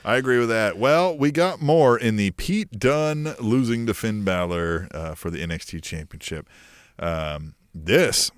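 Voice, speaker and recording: Podcast co-host, man, lowish voice, easygoing, lots of ums, dry mic. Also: measured pace, smooth, no echo. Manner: relaxed, hesitant with ums, bursts into excited quotes. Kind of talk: casual wrestling review chat.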